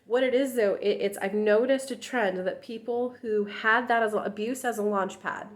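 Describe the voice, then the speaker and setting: A woman relationship coach in her thirties talking casually to viewers, candid and lively, acting out quoted voices. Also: normal speed. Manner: candid, acts out quoted voices in a higher pitch.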